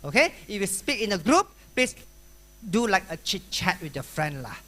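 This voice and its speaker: A woman with a Malaysian English accent lecturing a room of students, lively and playful, acting out chatter with sound effects and repeated syllables. Her voice is bright and forceful, with a middle pitch. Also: normal speed. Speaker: workshop speaker for exam preparation. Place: school hall.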